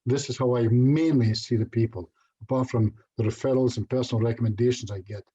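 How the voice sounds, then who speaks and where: A man's voice: medium pitch, steady tone, fairly quick, dark tone, slightly rough, lo-fi sound. A middle-aged Scottish man giving a casual online presentation as a hypnotherapist, chatty and self-deprecating, with little jokes. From Scotland.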